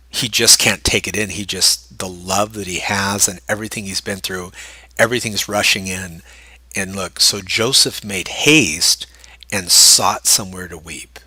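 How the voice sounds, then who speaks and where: Forceful man leading a Bible study. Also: on the low side, breathy edge, dry recording. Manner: animated asides, chuckles while explaining. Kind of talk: reading scripture with casual commentary.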